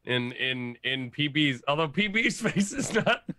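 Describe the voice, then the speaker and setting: A man's voice: on the high side, very animated, unhurried, bright, forceful tone, slight background noise. A man playing in a tabletop game, joking and exclaiming in casual banter. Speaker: player. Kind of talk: casual banter among players.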